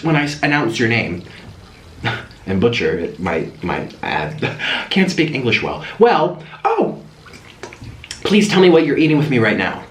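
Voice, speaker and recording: A young man chatting casually while eating, in a food vlog, excitable and chatty between slurps. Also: medium pitch. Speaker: food vlogger. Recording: echoey room with faint hiss.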